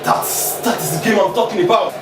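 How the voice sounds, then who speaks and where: A man in a comedy skit, an excitable football fan shouting at the screen. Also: high voice, brisk, music in the background. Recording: echoey room, mic far off, noisy.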